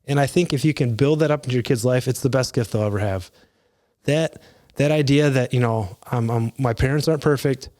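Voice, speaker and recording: A man's voice: medium pitch, darkish tone. A man in his thirties giving earnest, conversational advice to fathers, with restarts and asides. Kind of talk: casual motivational talk.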